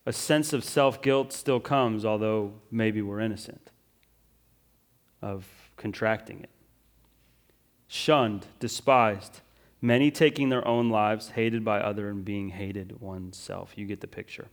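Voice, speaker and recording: A male pastor preaching a sermon, moving between urgent emphasis and quiet, drawn-out phrases, often checking in with listeners. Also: lowish voice. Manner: swings from loud and urgent to hushed and slow, with frequent "right?" asides.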